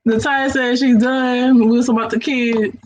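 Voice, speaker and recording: This host's voice sits on the high side but sounds flat and darkish, moving at normal speed through an echoey room with faint noise. She leads a relaxed reaction chat for her viewers, laughing a lot and saying things more than once.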